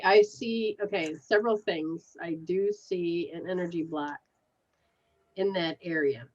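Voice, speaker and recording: A woman hosting a call-in show, giving a spiritual reading in a slow, halting way and laughing often. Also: lowish voice, darkish tone, highs cut off. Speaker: psychic reader, show host.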